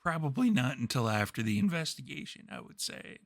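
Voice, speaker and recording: Dude as a flat businesslike messenger guy, gravelly voice. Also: medium pitch, fairly quick, no echo, studio quality. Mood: matter-of-fact.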